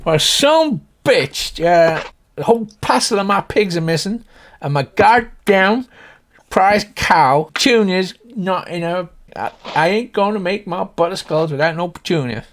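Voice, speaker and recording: A man voicing a cranky, beaten old male rancher who curses constantly in a high, shrill drawl. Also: lively intonation, measured pace. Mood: grumbling.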